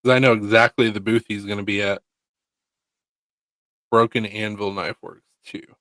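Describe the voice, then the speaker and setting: A man talking casually as a streamer, muttering relaxed asides while browsing. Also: lowish voice, moderate pace, dry recording. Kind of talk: casual chat.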